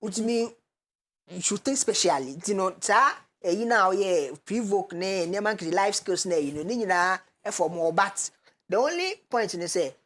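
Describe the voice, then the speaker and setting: Measured Ghanaian woman explaining carefully. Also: medium pitch, lively intonation. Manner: measured, explains step by step, hesitant fillers. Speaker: guest expert. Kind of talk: explanatory talk show discussion.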